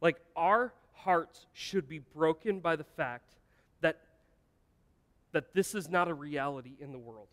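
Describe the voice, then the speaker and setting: A man's voice: on the high side, a little slow, a bit bright. A man preaching a sermon as pastor, earnest and emphatic, asking the congregation rhetorical questions. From United States. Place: church sanctuary. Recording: long church-hall reverb.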